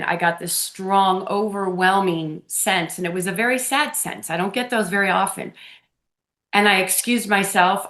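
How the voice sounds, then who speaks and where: A woman being interviewed as a podcast guest, telling personal stories in an earnest, heartfelt way that often drops into a hushed tone. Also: mid-range voice. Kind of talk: conversational storytelling.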